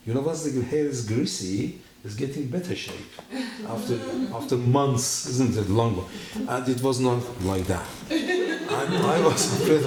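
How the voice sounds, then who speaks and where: A man giving his personal testimony at a church, telling his story in an animated way and acting out the dialogue. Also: medium pitch. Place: church hall. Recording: echoey room.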